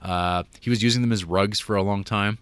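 A man's voice: on the low side, steady tone, brisk, a bit bright, clean tone, no echo. A North American man in a casual movie chat, rambling with lots of "like" and small laughs. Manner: rambling, many likes and laughs.

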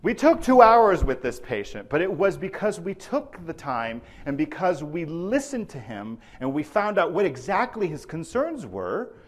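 Man, live training lecture, animated delivery, slightly high voice, very lively pitch. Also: moderate pace, few pauses. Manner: animated, often checks in with the audience with "right?". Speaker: presenter at a clinical training. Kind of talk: live lecture to healthcare providers.

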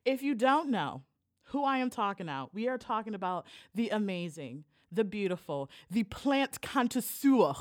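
A woman's voice: medium pitch, big pitch swings, moderate pace. A woman hosting a podcast over a video call, talking in a bubbly, playful, hyping way. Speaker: podcast host. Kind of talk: casual chat.

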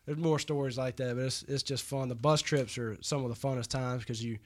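A man who is a guest on a podcast, telling animated stories with many fillers and restarts. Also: mid-range voice, a little fast. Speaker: guest, professional baseball player. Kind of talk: casual storytelling in an interview.

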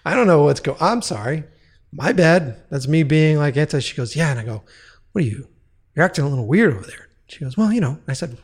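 A man's voice: on the high side, lively intonation, brisk, husky. A man telling a long casual story, profane and rambling, with frequent restarts.

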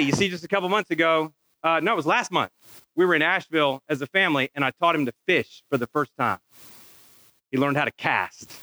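A man's voice: fairly high pitch, brisk, bright, forceful tone, no room sound, low-quality recording. A middle-aged man preaching a sermon, telling a personal story in a folksy way and acting out the dialogue. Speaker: pastor.

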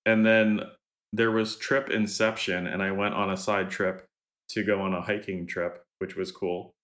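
A man co-hosting a gaming podcast, telling a travel story in a relaxed, hesitant way with many fillers. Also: low-pitched, unhurried. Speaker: podcast co-host. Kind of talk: casual storytelling.

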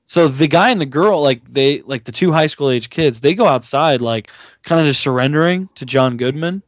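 A man's voice: a little high, normal speed, no room sound, lo-fi sound. A man co-hosting a podcast, casually recapping a horror movie, rambling with lots of fillers and swearing, often acting out lines from the film. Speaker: podcast co-host.

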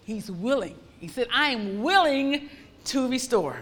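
A woman preaching a sermon with fervent, repetitive declarations that rise into loud praise. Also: a little high, animated, unhurried, big-room sound.

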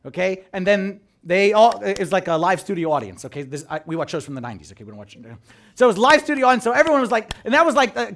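A male priest delivers a sermon in a high, lively voice. He acts out the people he quotes and swings between loud bursts and near-whispers. His pitch climbs and falls all the time. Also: fast, gravelly.

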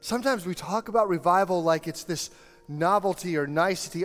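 Impassioned pastor preaching in a hall. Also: male voice, high voice, fairly quick, fairly bright tone. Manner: storytelling, building to impassioned appeals. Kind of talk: sermon. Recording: long hall reverb, faint music.

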